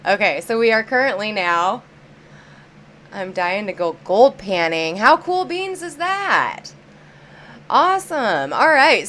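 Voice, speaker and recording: A woman's voice: mid-range voice, a bit bright. A woman hosting a live-stream auction, chatty and upbeat, greeting viewers by name as she counts down bids.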